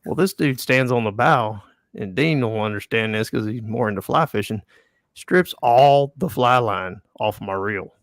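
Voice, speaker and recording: A man who guides fishing trips tells an anecdote about a customer in an easygoing, wry way. His voice has a gravelly texture at a middle pitch. The sound is dry and close, with no room sound. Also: moderate pace, dry recording. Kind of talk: casual storytelling chat.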